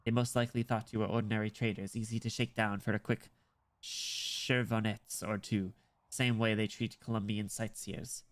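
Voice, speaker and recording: A man's voice: lowish voice, moderate pace, natural voice. A man reading aloud as a tall, poised female imperial guard, speaking politely and formally with an attempted Russian accent. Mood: courteous. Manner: polite, formal, calmly persuasive. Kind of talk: reading game dialogue aloud.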